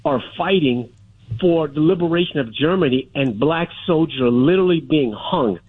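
Male caller, middle-aged, husky tone, tinny phone line, insistent. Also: a little high, animated, moderate pace, no echo. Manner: insistent, talks over interruptions. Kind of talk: radio call-in talk.

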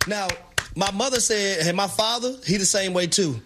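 A man co-hosting a sports talk show, telling stories in an animated, preacher-like way. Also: high voice, moderate pace, heavy background noise. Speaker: sports radio co-host.

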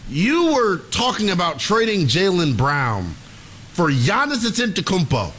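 A man co-hosting a sports radio talk show, animated and quick with a ready laugh. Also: high voice, a little hiss or hum. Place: radio studio.

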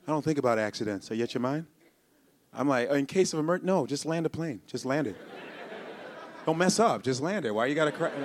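Animated stand-up comic man, lively pitch. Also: a little hiss or hum. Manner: animated, shouting and laughing in bursts, swearing; slips into high-pitched impressions. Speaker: stand-up comedian. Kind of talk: stand-up comedy routine.

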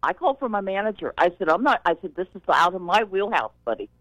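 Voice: medium pitch, sing-song, fast talker, a bit bright, no room sound, low-quality recording. A caller on a call-in radio show, retelling a story and repeating what was said. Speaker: caller, store worker. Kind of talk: phone-in storytelling.

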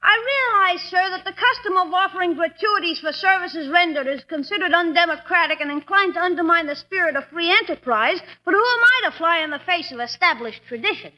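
Young messenger boy, very high voice, very bright tone, mock-formal sarcasm, 1940s radio comedy. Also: lively intonation, fairly quick, hardly any pauses, full character voice, rough recording. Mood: sarcastic. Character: cheeky young male telegram messenger.

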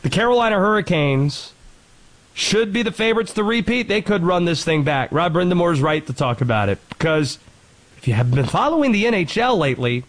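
A man hosting a sports show, delivering a lively commentary monologue and quickly rattling off statistics. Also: sits high, poor audio. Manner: animated, quick rattling off of stats.

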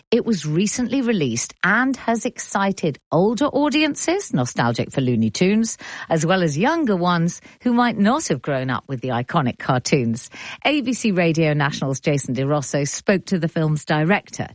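An English woman presents a radio arts programme with crisp, playful delivery. Her voice sits fairly low but moves with lively intonation. The studio sound is close and dry. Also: dry recording. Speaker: radio arts show host. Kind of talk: broadcast presenting and scripted narration. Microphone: studio mic.

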